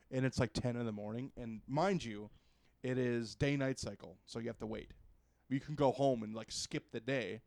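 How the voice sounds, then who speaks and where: A man's voice: mid-range voice, moderate pace, gravelly, a little mellow. A young man co-hosting a podcast, ranting about a game in an exasperated, sarcastic way and swearing a lot. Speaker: podcast co-host. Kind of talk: casual game review rant.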